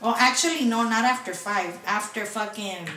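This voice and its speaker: Woman, profane, bilingual chatter, slightly high voice, echoey distant room sound. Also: moderate pace, sharp tone, faint music behind. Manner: profane, mixes English and Spanish. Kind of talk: casual storytelling among friends. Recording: echoey room, off-mic, faint noise.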